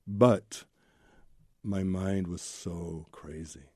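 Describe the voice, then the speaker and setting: A man's voice: deep voice, fairly even intonation, drawn-out words, a little mellow, dry recording, clean studio sound. A man, a Zen Buddhist teacher, telling his own story as an interview guest in a candid, rambling way with tumbling lists of memories.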